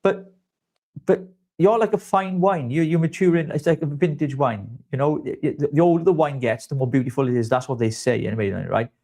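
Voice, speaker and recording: A man's voice: on the high side, brisk. Chatty man hosting a live show. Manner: chatty, jokey, flattering. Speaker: co-host. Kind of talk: casual live-stream chat.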